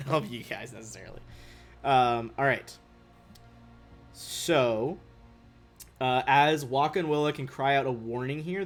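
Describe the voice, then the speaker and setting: A young man running a tabletop game as game master, chatty and relaxed, swearing casually. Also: mid-range voice.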